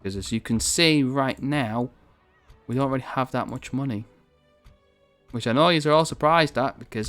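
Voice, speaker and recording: A man's voice: medium pitch, normal speed, a bit bright, soft background music. A man from northern England giving rambling, chatty commentary on a strategy game, swearing casually as he plays. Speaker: gaming video host.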